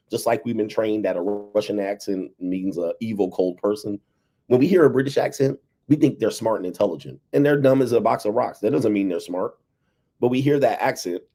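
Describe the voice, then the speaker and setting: A man's voice: on the low side, mellow. A man hosting a casual livestream, talking loosely to his viewers, laughing often and reading out chat messages. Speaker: livestream host.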